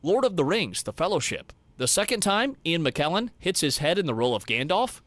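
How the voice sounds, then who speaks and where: A man giving scripted narration of movie trivia in a brisk, reading style. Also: on the high side, sing-song, a bit bright, dry recording.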